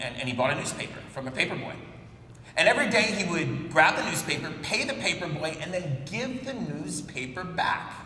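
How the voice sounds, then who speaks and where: A man on stage giving a conference keynote in a storytelling style, joking with the audience and calling people up. His voice is bright and forceful and sits a little high. The sound carries a long reverb from a large, echoey hall. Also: slight background noise. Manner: storytelling, jokey, works the crowd. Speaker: keynote speaker.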